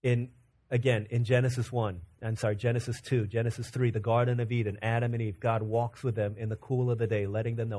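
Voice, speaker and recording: A man from Virginia preaching a conversational, animated sermon as pastor. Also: medium pitch. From Virginia, USA. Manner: conversational and animated, acting out quick character quotes.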